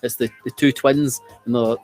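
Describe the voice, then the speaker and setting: A man's voice: medium pitch, steady tone, normal speed, darkish tone, soft background music. Chatty man hosting a quiz. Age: around 40. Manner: chatty, sweary, trailing restarts. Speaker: quiz host. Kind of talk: casual quiz-show banter.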